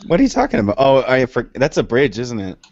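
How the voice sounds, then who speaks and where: Dry-humored man, mid-pitched voice. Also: wildly swooping pitch, fast talker, creaky, darkish tone. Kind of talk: casual chat. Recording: dull lo-fi audio.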